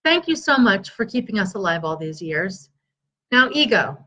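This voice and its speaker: A middle-aged woman coaches her viewers on a live stream, upbeat and encouraging. She greets people by name as she talks. The sound is slightly dull and lo-fi, with a middle-pitched voice. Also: very animated, moderate pace, sharp tone. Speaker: stress relief coach.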